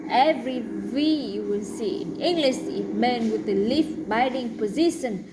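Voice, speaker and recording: A woman teaching a pronunciation lesson, saying each example word slowly and carefully. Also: on the high side, background noise. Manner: slow, deliberate, drawn-out example words.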